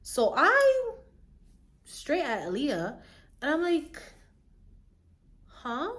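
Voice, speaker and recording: Chatty, high-voiced woman. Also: slow. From Jamaica. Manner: chatty, animated, keeps asking "you get what I mean". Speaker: vlogger. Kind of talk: casual storytime chat.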